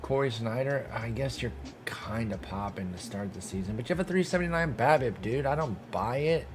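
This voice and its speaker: A man's voice: medium pitch, animated, moderate pace, noisy background. A young man giving casual gameplay commentary, talking to himself and the game with exasperated, profane bursts of mock outrage. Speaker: gaming streamer.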